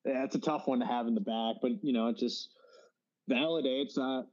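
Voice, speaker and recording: A man's voice: mid-range voice, fairly even intonation, normal speed, a little mellow, muffled recording. A young man in his twenties telling a rambling story on a casual podcast, full of fillers. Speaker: podcast host. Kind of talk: casual chat.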